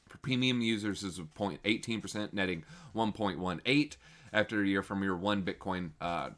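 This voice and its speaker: Guy hosting a crypto stream, bright punchy voice, slangy, goes from mumbling to hyped yelling. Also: normal speed. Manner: animated, swings from low mutters to loud excited shouts; slangy, reads viewer chat aloud. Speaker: crypto show host. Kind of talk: casual livestream commentary.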